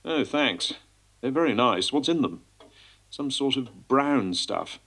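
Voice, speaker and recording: Brief: man as a flirty, smarmy gent, posh drawl, medium pitch. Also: expressive, slow, a bit bright, exaggerated voice.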